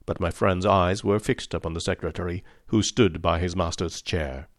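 Male audiobook narrator, fairly low voice, measured and formal, dry close sound. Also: dry recording.

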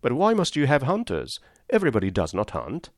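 A man voicing a reserved, quietly playful young gentleman in an audiobook reading of a classic novel. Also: mid-range voice, huge pitch swings, a little fast, no echo, studio quality. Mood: teasing.

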